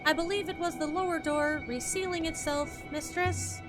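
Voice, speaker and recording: A woman's voice: very high voice, steady tone, moderate pace, music in the background, voice pushed up. A woman voicing a prim male robot servant who talks stiffly and formally in an attempted British accent.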